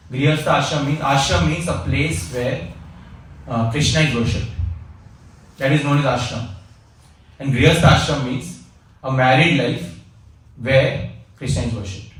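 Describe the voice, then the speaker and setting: A man teaching an informal class, talking conversationally, repeating key phrases and pausing with fillers. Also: mid-range voice. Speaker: spiritual teacher. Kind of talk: informal class lecture with anecdotes. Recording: echoey room, speaker far from mic, faint noise.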